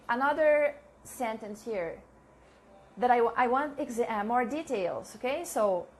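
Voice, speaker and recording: A woman teaching a live online English lesson, chatting with viewers and repeating example sentences slowly, with frequent laughs. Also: fairly high pitch, darkish tone, slight background noise. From Brazil.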